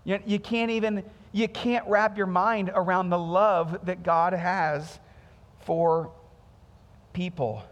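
High-voiced pastor in a reverberant hall. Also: male voice, slow. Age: 30s. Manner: conversational storytelling with animated quoted voices. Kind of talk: sermon. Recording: music underneath, long hall reverb.

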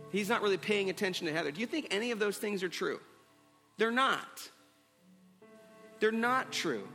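Earnest high-voiced male pastor preaching. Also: bright, forceful tone. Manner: earnest, repeats phrases for emphasis. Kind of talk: sermon. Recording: hall reverb with faint music.

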